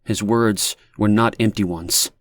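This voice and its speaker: A man with a low voice reading a dark novel aloud. His narration is steady and measured. The sound is dry and close, with no room around it. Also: no room sound. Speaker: audiobook narrator. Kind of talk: audiobook narration.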